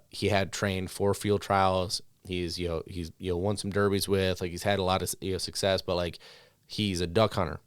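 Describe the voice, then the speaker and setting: A man's voice: deep voice, clean tone, dry recording, studio quality. A man co-hosting a podcast, chatting casually and telling stories with lots of fillers like "like" and "you know". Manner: conversational, storytelling with many fillers. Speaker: podcast co-host, dog trainer. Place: studio.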